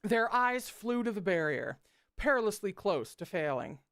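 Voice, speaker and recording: Smooth-voiced read-along host. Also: medium pitch, moderate pace, dry recording, clean studio sound. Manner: expressive, joking asides between passages. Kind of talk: reading a novel aloud with asides.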